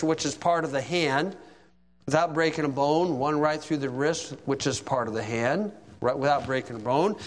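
Male preacher, vivid dramatic storyteller, sharp bright tone, long hall reverb. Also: fairly high pitch. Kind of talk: sermon.

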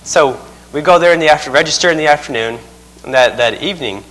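A missionary preaches a sermon in a church sanctuary, the recording carrying the long reverb of the hall. His voice is fairly high and bright and he talks fast, chuckling through his own anecdotes in a folksy way.

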